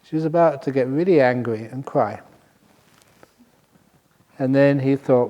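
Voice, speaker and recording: A man's voice: medium pitch, measured pace, pauses often, mellow. Older guy monk giving a talk, jokey storyteller, chuckles a lot, chats with the crowd. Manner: chuckling, playful storyteller with audience asides. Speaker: monk teacher. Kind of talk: dharma talk with humorous storytelling.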